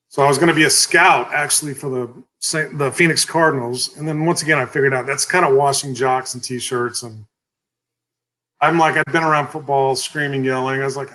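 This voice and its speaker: A man's voice: mid-range voice, fairly quick, rough recording. Guy in his 50s rambling thru a story, cusses a bit, lots of like and you know. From Texas. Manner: animated storyteller, salty, lots of 'like' and 'you know'. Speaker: guest, company founder. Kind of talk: casual storytelling interview.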